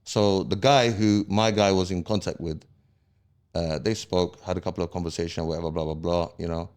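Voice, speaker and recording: With a low-pitched, steady and slightly mellow voice at normal speed, a man appears as a podcast guest. In a casual storytelling interview he heatedly retells events in street slang, following each point with "yeah?".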